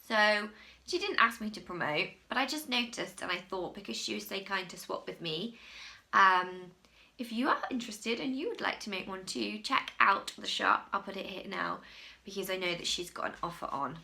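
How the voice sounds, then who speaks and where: Chatty English woman, gravelly and bright. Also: medium pitch, lively intonation, normal speed. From England. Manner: chatty, rambling, self-mocking. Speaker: crochet podcast host. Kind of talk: casual chat to camera.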